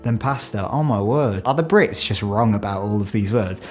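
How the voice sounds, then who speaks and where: British male, UK-raised, casual vlog delivery, self-deprecating and lively, faint music bed. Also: on the low side, moderate pace. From United Kingdom. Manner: chatty, self-mocking, animated storytelling. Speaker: video creator. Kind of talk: casual talking-head video.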